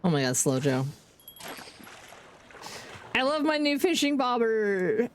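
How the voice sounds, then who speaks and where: A woman's voice: on the high side, very animated, slow pace, a little hiss or hum. A Canadian woman streaming a game, chatting candidly and swearing freely, with rambling restarts. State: under the weather. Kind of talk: casual gaming stream chat.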